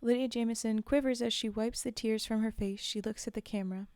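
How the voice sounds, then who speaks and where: A woman streamer reads a horror story to her viewers in a relaxed, casual way. Her voice is warm and mellow, and she often stops to talk with her chat, sometimes in a near whisper. The sound is close and dry. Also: fairly high pitch, a little fast, no echo. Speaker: streamer reading stories. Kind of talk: casual read-aloud storytelling.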